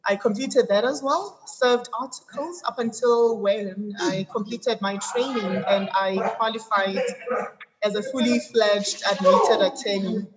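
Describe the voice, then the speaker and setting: A South African woman in her thirties, an attorney being interviewed, telling her background in a measured, detailed way with frequent ums. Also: on the high side, a loud crowd, poor audio. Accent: South African English. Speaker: guest. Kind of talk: interview conversation.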